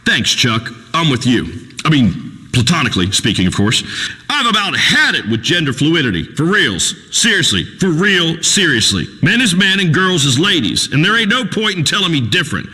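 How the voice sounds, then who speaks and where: A crude, pompous radio host, booming through a long hall reverb. His voice rides high and bright, swinging up and down as he blusters in folksy broken grammar. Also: very animated, normal speed, husky, heavily acted. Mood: ranting. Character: crude redneck male talk radio host. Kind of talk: comedic radio talk show acting.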